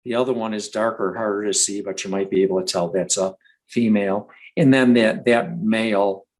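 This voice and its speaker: A man from Michigan teaching about frogs in a relaxed, chatty live presentation, now and then imitating frog calls. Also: fairly low pitch, brisk, rough recording. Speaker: nature educator.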